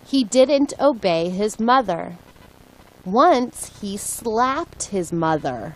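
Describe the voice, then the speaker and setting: Woman reader for a listening lesson: very slow, clear, deliberate pacing. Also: mid-range voice, animated, poor audio. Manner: slow, deliberate, one short sentence at a time. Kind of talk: slow read-aloud for learners.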